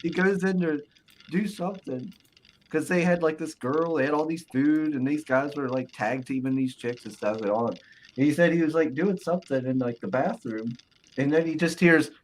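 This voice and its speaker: A man's voice: fairly high pitch, normal speed. Laughing, rambling man telling wild stories. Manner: laughing storyteller, swearing, acting out quoted voices. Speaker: podcast host. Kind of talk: casual chat.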